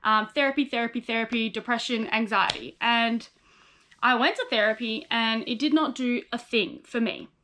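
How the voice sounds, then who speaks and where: A woman's voice: fairly high pitch, moderate pace, bright, forceful tone, slight background noise. A young woman speaks in a raised, light register. She tells her own story candidly and frankly, in a personal vlog, and she slips into the voices of the people she remembers. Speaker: psychologist in training sharing her story.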